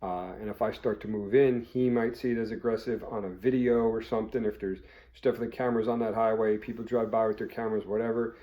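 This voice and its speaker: A man's voice: on the low side, fairly even intonation, fast, highs cut off. A man who runs a firearms training channel, telling a story in a blunt, conversational way and swearing freely. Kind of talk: casual vlog storytelling.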